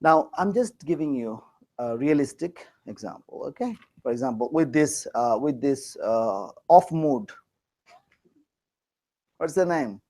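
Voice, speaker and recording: A man's voice: medium pitch, animated, a little slow, darkish tone, low-quality recording. A man from Bangladesh teaching a class, teasing and joking as he quizzes his students. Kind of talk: classroom lecture.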